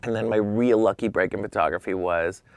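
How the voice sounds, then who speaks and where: A man telling stories as a guest in a casual interview, animated and swearing freely, acting out what others said. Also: fairly low pitch, brisk, creaky, no room sound.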